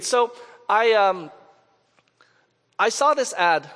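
A man's voice: high voice, animated, moderate pace, fairly bright tone. A man from Montreal, preaching a sermon in a conversational storytelling way and asking his listeners questions. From Canada, Montreal. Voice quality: conversational, asks the audience questions. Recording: long hall reverb.

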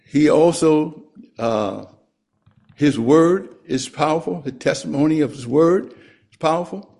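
A man delivering a sermon, reading scripture in a fairly high voice. He speaks slowly and deliberately and lets his pitch sink at the close of each phrase. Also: vocal fry, darkish tone. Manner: slow, deliberate, drops pitch at phrase ends. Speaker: preacher.

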